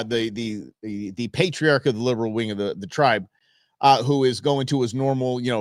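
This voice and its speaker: A man's voice: mid-range voice, a bit bright, no echo, studio quality. A middle-aged man hosting a live talk stream, rambling through his points with many fillers and restarts. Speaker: show host.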